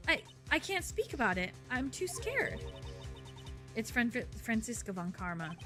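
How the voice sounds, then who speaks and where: A woman's voice: medium pitch, moderate pace, over music, voice pushed down, close to an everyday voice. A woman voicing a frightened young woman witness in a game, who trembles, stutters and pleads. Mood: scared. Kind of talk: fan voice-over of a game's dialogue.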